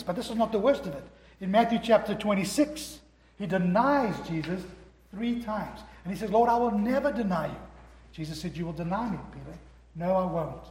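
Brief: male pastor, high voice, emphatic sermon delivery, acts out scripture dialogue, long hall reverb. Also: a little mellow. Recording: echoey hall.

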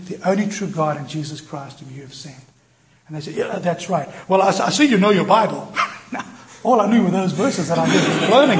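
A male pastor preaching a sermon, telling a personal story in an animated, self-deprecating way and acting out the voices in it. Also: on the high side, a little hiss or hum. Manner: animated, self-deprecating, acts out quoted dialogue. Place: church.

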